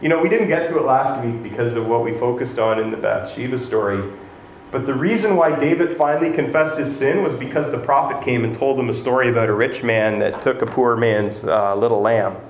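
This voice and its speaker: A man preaching a sermon who retells a Bible story in animated fashion, acting out what the characters say. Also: medium pitch, brisk. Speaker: pastor. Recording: roomy echo, faint ambient noise.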